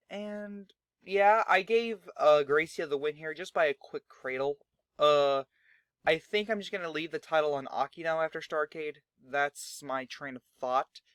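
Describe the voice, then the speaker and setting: A man's voice: a little high, a little slow, fairly bright tone, clear, resonant tone, no room sound, studio quality. Chatty young man rambling over a game. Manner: rambling, chatty, swears freely. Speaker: gaming channel host. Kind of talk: casual let's-play commentary.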